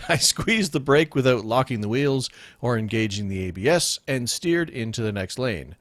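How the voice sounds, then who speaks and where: A man's voice: mid-range voice, very animated, unhurried, long pauses, a bit bright, no room sound. A man hosting a casual radio show, joking and laughing often with rambling asides. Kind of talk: casual comedic podcast chat.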